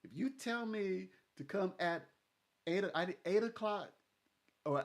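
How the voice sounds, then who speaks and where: Guy rambling on in casual chat, pitch bouncing all over, laughs a lot, psychic reader vibe. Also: lively intonation, a little slow. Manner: rambling, laughs often, acts out quoted speech.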